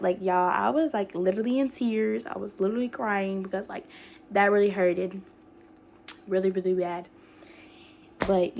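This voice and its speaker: A woman's voice: mid-range voice, darkish tone. Breathless young woman vlogging. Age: young adult. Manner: rambling, many fillers, colloquial speech. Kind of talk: casual talk to camera.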